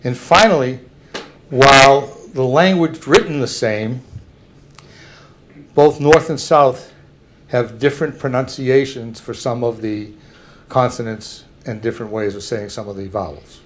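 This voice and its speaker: An older man giving a public talk, slowly and carefully explaining examples to an audience. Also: medium pitch, a little hiss or hum.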